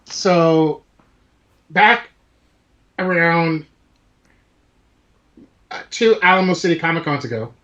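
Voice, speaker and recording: A man talks through a casual co-hosted show, his voice sitting slightly high for a man. He stumbles and restarts often but stays enthusiastic. The recording sounds dull and lo-fi. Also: expressive, a bit bright. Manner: halting, many restarts, enthusiastic about collectibles. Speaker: podcast co-host. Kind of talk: casual chat.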